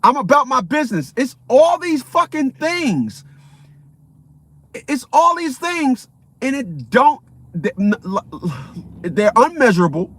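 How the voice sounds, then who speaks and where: A man's voice: extremely high pitch, very animated, measured pace, a bit bright, no room sound. A man ranting profanely in a rambling, repetitive commentary vlog. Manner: profane, rambling, repeats himself. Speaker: vlogger.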